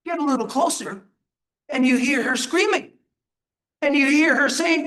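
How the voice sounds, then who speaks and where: A man leads a live teaching session, his voice sitting high for a man and swinging widely in pitch. He talks emphatically and keeps putting questions to his listeners. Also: expressive, moderate pace, pushed and bright. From Turtle Island. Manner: emphatic, rhetorical, asks the audience questions. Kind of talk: live teaching talk to an audience.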